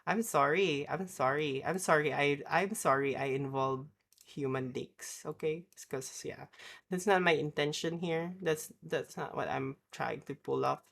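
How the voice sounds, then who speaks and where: A woman's voice: low voice, a little slow, creaky, a bit bright. A woman streamer ranting in casual chat, sweary and rambling, apologizing as she goes.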